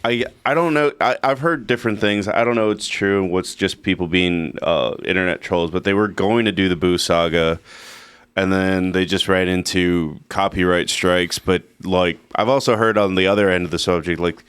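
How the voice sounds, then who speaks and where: Male co-host, hesitant delivery, very low and smooth, dry. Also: steady tone, normal speed, a bit bright, no room sound. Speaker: podcast co-host. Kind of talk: casual chat.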